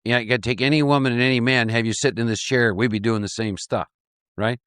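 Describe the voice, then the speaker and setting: Man running a recovery workshop, lively and repetitive, mid-pitched voice, dry sound. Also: fast, smooth, dry recording. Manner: animated, repetitive, laughing often. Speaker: speaker leading a recovery workshop. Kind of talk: live workshop talk.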